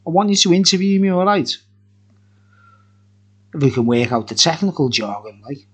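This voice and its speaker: A man's voice: a little high, animated, normal speed, breathy edge. A man, reviewing beer in a rambling, jokey, profane casual chat. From England.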